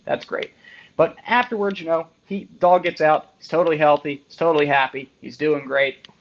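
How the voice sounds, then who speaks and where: Chatty man giving a motivational talk. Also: a little high. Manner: conversational, with frequent rhetorical "right?" tags. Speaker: chiropractor. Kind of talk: motivational talk to fellow practitioners. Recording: slightly muffled lo-fi audio.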